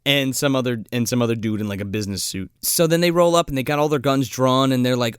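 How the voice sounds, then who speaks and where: A man's voice: medium pitch, fast talker, hardly any pauses, clean tone, no echo, studio quality. A man co-hosting a casual movie recap, rambling, swearing often and acting out the characters' lines. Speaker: podcast co-host.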